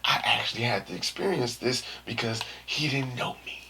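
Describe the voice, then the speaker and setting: A man's voice: medium pitch, moderate pace, vocal fry. A man hosting his own podcast, telling a story in a casual, slangy way and acting out the quotes. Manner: animated, slangy, acts out quotes and screams. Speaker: podcast host.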